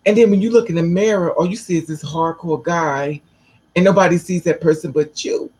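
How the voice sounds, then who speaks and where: A woman telling a personal story to camera in a blunt, profane, animated way. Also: fairly low pitch, fairly quick, breathy edge, poor audio. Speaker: vlogger.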